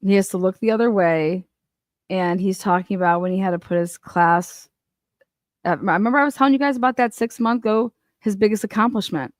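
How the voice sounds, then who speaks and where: A woman's voice: mid-range voice, fairly quick, dry recording, studio quality. A woman hosting a casual commentary show, reacting to news clips in a blunt, profane and mocking way. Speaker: host.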